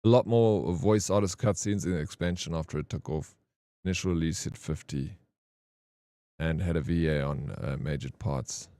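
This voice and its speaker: A man's voice: very deep voice, moderate pace, warm tone, dry recording. A man streaming a game, chatting loosely and full of fillers as he plays. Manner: rambling, loose, filler-heavy. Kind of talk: casual gaming commentary.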